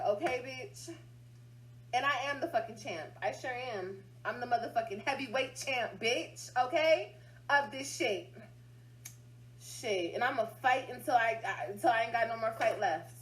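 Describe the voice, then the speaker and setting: Woman streamer ranting to her viewers, cussing nonstop, kinda high voice. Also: moderate pace, low-quality recording. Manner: blunt, heavily profane, speaks straight to her viewers. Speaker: livestream host. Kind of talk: casual venting livestream.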